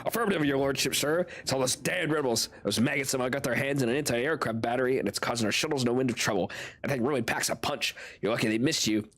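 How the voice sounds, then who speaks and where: A man's voice: medium pitch, fast, fairly bright tone, natural voice. A man reading as a weary battered army sergeant. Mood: grim. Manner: clipped military report. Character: weary battered male soldier sergeant, dutiful.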